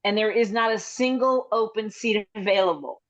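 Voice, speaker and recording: A middle-aged woman comedian telling stories in a rambling, chatty way with quick asides, over a video call. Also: medium pitch. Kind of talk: casual comedic storytelling. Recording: slightly dull video-call audio.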